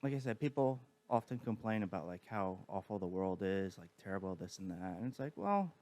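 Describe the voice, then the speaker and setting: A man, a podcast guest, chatting casually and telling animated stories with acted-out quotes. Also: low voice, fairly quick. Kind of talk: casual chat.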